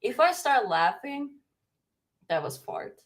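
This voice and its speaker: A woman's voice: fairly high pitch, very animated, takes it slowly. A young woman from Finland chats casually on her livestream from home. She rambles and giggles, talking straight into a desk microphone. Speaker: streamer host.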